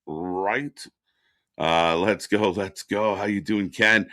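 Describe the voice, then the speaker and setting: A man's voice: on the low side, fairly even intonation, takes it slowly, a bit bright, no echo. A man co-hosting a live wrestling watch-along stream, chatting casually, laughing often and greeting chat viewers by name.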